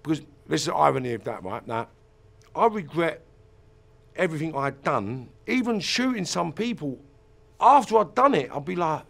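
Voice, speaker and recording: A man's voice: a little high, lively intonation, moderate pace, vocal fry, a bit bright. A middle-aged man, telling an interviewer about his past in an intense, blunt and profane way with emphatic repeats. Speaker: ex-offender turned mentor and motivational speaker.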